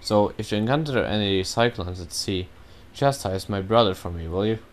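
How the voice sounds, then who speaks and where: A man's voice: fairly low pitch, normal speed, natural voice. A man voicing a cheerful male wind god from a video game as he reads the game dialogue aloud in a raised, drawling voice. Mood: folksy.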